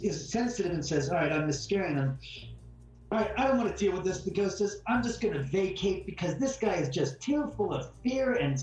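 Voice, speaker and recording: A man telling ghost stories in a casual interview, rambling and animated, often repeating words and swearing mildly. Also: high-pitched. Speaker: homeowner guest. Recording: echoey room from far off, faint music.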